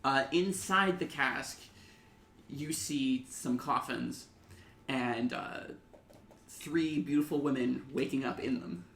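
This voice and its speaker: A man running a tabletop game as game master, talking hesitantly with many fillers and pauses. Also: medium pitch, vocal fry, fairly bright tone, echoey room, a little hiss or hum. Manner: hesitant, filler-heavy, bursts into laughing shrieks for characters. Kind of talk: narrating a tabletop game over voice chat.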